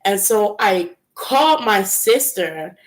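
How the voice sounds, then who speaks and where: A woman's voice: medium pitch, animated, slow pace. A young woman hosting a casual livestream, telling personal stories in a chatty way, full of "like" and "um", with laughs between lines. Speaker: tarot channel host. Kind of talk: casual storytelling livestream chat.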